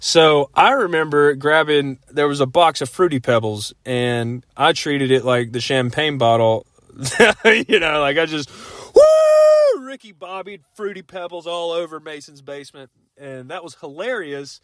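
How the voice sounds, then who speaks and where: A man's voice: a little high, measured pace, a bit bright, no echo, studio quality. A man in his thirties casually telling a rambling personal story, full of fillers and frequent laughs.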